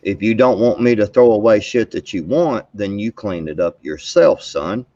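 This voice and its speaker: A man's voice: fairly low pitch, animated, normal speed, dark tone, no room sound, dull audio. A man telling a rambling, profane story in casual livestream chat, chuckling as he goes. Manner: rambling storyteller, profane, laughs while talking. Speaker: guest caller on a live stream.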